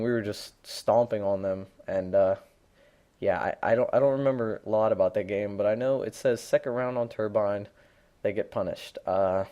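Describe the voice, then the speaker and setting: A teenage boy with a mid-range, darkish male voice gives unscripted gameplay commentary. He's rambling and blunt, full of fillers and restarts.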